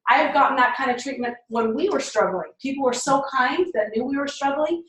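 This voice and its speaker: A woman's voice: high-pitched, a little fast, fairly bright tone, roomy sound, poor audio. A woman giving a team mindset training talk, enthusiastic and chatty, laughing often.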